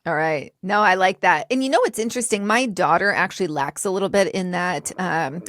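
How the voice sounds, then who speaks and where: A woman's voice: on the low side, a little fast, a bit bright, dry recording. A middle-aged woman co-hosting a podcast, talking in a straightforward, chatty way. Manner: straightforward, laughs often. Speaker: podcast co-host. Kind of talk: casual chat.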